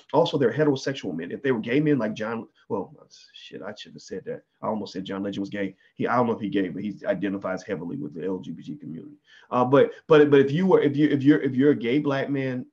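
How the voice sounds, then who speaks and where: A man's voice: mid-range voice, a little mellow, slightly rough, muffled recording. A man giving an emphatic opinion monologue, often asking 'right?' and restarting his sentences. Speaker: commentator.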